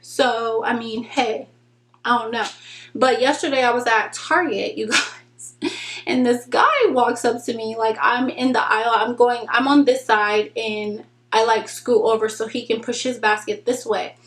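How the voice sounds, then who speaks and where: A young woman vlogging casually while doing her makeup, frank and slangy, acting out conversations in animated storytelling. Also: fairly high pitch, measured pace. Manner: chatty, animated storytelling with acted-out quotes. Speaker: beauty vlogger. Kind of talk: casual get-ready-with-me chat. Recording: echoey room.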